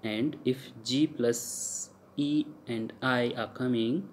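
A man with an Indian English accent gives a French pronunciation lecture at an unhurried, deliberate pace. His voice sits at an ordinary middle pitch. He stops often on fillers and says each example word twice. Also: steady tone, slight background noise. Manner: halting, many uh fillers, repeats example words slowly.

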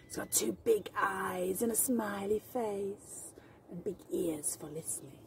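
A woman's voice: medium pitch, recorded from a distance, a little hiss or hum. A woman teacher reading a picture book aloud to young English learners outdoors, acting out each feeling with gasps and laughs. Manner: very slow, animated, acts out each emotion with gasps and laughs. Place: outdoors in the mountains.

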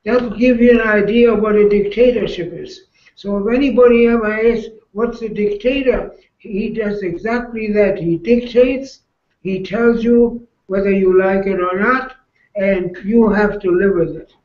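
Older German-accented man, high-pitched for a man, direct earnest speaker, muffled video-call sound. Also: fairly even intonation, moderate pace. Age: 80s. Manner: direct, earnest, addresses listeners as a class. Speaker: Holocaust survivor speaker. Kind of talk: testimony to school classes. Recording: echoey, dull video-call audio.

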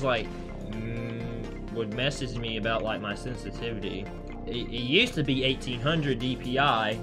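Swearing young gamer ranting over music. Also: male voice, mid-range voice. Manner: swears constantly, rants at the game. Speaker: gaming streamer. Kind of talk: casual gameplay commentary.

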